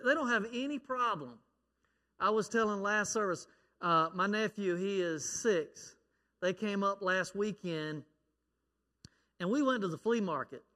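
A man's voice: high-pitched, in a large hall. A middle-aged man preaching a sermon as pastor, telling stories and acting out voices from them. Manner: storytelling, acts out a child's shouting prayer.

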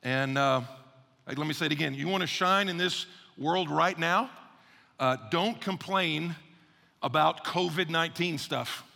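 A male pastor preaching a casual, energetic sermon, repeating phrases for emphasis. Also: fairly high pitch, a little slow, gravelly. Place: church sanctuary. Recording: long reverb of a large church hall.

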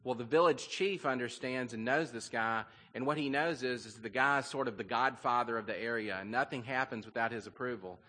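A man's voice: medium pitch, fairly quick, hardly any pauses, pushed and bright. A man preaching a sermon, telling a story in an earnest, conversational way with frequent fillers. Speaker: pastor. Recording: long reverb of a large hall.

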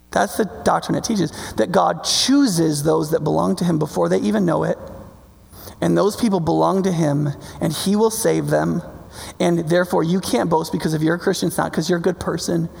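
Male pastor, casual animated sermon delivery, gravelly tone, long hall reverb. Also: fairly high pitch, normal speed. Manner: conversational, animated preaching with frequent "right?".

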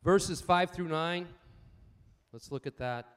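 Older male pastor, somewhat high-voiced, sermon delivery with amens and soft anecdotes. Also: takes it slowly, clean tone. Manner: swings from loud emphatic points to quiet storytelling; asks the congregation for amens.

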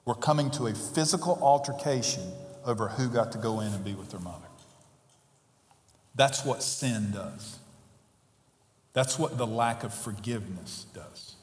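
A man's voice: medium pitch, fairly bright tone. Male preacher in an echoey hall. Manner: rising to impassioned emphasis, quick asides. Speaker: pastor. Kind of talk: sermon. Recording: echoey hall, long reverb.

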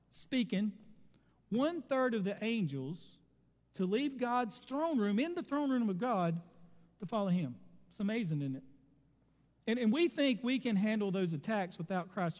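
A man preaching a sermon as pastor, with sudden loud surges and drawn-out dramatic slowdowns. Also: high-pitched. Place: church sanctuary. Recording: long hall reverb.

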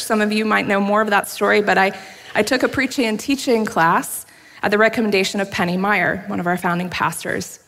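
In a church sanctuary, a woman pastor delivers a sermon, her medium-pitched, slightly bright voice trailing off into a long hall reverb. She shares her story openly and with self-deprecating humor, laughing softly here and there.

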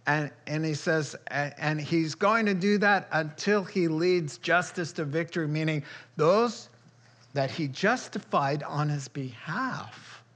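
A pastor preaching a conversational sermon, chuckling often and breaking into loud emphatic bursts. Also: male voice, a little high, a little slow.

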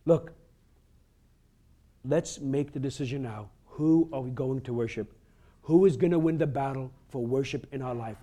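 A man preaching a sermon, pleading with the congregation and rising to fervent emphasis, often tossing in a quick "huh?". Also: on the high side. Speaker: pastor.

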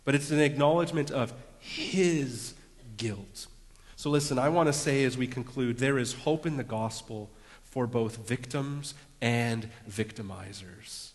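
A man's voice: medium pitch, measured pace. Man preaching in a reverberant hall. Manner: earnest preaching, dropping to a hush for emphasis. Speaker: pastor. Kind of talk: sermon.

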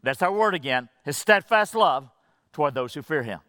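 A man preaching a sermon as pastor, swinging from fervent rising emphasis to hushed low drops and repeating phrases to drive points home. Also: lively intonation, moderate pace, dry recording, studio quality.

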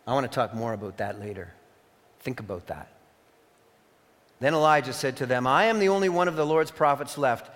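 Dramatic preacher with hall reverb. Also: male voice, mid-range voice, animated, brisk, long pauses. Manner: dramatic reading with loud emphatic peaks. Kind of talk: sermon.

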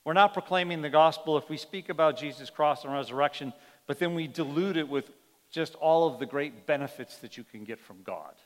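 A man's voice: on the high side, a little fast. A man preaching a sermon as pastor, earnest and emphatic, often letting his voice drop at the end of a point. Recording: long hall reverb.

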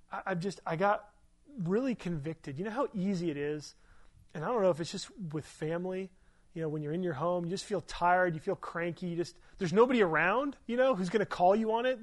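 Earnest high-voiced male pastor preaching. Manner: conversational, earnest storytelling with rhetorical questions. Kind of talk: sermon.

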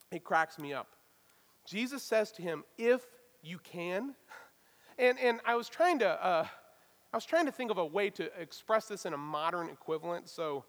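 A man preaching a sermon as a pastor, talking in a casual, lively way with touches of self-deprecating humor. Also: high-pitched, in a large hall.

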